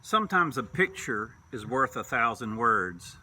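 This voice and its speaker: A man who is a minister, preaching a sermon in a slow, measured way with long pauses. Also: mid-range voice, sing-song, bright, forceful tone. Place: church sanctuary.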